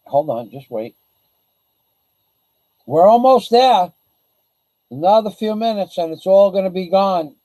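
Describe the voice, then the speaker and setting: A man's voice: sits high, animated, unhurried, long pauses, mellow, dry recording, low-quality recording. A man hosting a casual livestream, talking bluntly and boastfully in a rambling way. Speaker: livestream host. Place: the Philippines.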